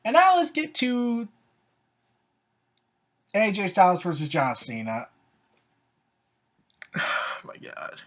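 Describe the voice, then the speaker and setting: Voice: medium pitch, huge pitch swings, slow pace, long pauses. Sarcastic, exasperated wrestling commentator. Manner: sarcastic and exasperated, many "so, yeah" and "like" fillers. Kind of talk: casual opinion commentary.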